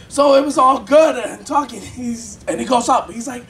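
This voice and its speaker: A man's voice: very high voice, moderate pace, far from the mic, a little hiss or hum. Rambling man telling a crude stand-up story. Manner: crude, rambling, laughs at own jokes. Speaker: stand-up comedian. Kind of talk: open-mic stand-up storytelling. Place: convention stage in front of an audience.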